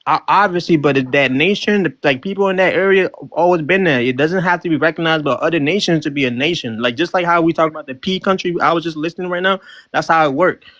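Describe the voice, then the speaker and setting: A man's voice: on the high side, quick pace, fairly bright tone, no echo, highs cut off. A man debating on a panel, insistently restating his point.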